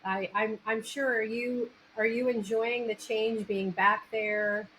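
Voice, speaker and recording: A woman's voice: on the high side, steady tone, slow, a bit bright, rough recording. A woman with a New York Italian accent hosting a casual interview, talking animatedly and restarting her sentences. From New York area. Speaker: podcast host. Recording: faint background noise, backup mic.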